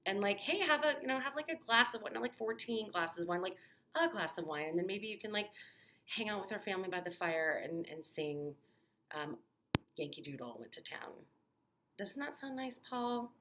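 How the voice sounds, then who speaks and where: A woman voicing a kindly townsperson soothing a panicked man, in a hushed, partly whispered, coaxing voice. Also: mid-range voice, expressive, normal speed, a little hiss or hum, voice pushed up.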